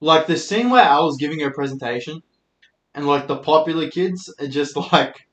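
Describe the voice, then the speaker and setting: A man in his twenties talks loosely on his own podcast, drifting from one thought to the next and swearing often as he makes fun of his own slip-ups. His voice sits a bit high for a man. He holds the microphone in his hand, and the sound bounces around a roomy space. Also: fast, bright, forceful tone, lo-fi sound. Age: 20s. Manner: rambling, sweary, self-deprecating. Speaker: podcast host. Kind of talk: casual solo podcast rant. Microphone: handheld microphone.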